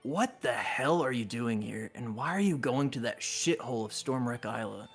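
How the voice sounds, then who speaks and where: A man voicing a gruff human ship crewman who swears and asks incredulous questions. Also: mid-range voice, expressive, normal speed, soft background music. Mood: scornful.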